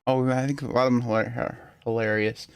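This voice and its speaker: A man's voice: mid-range voice, flat delivery, brisk, clear, resonant tone. A man from Michigan with a Michigan accent, co-hosting a podcast in a casual chat, swearing lightly and laughing often. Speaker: podcast co-host.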